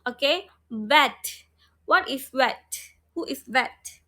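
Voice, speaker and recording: Slow, bright-voiced phonics teacher woman. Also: high-pitched, expressive. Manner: slow, repeats sounds and prompts students. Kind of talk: online phonics lesson. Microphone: online class, video call.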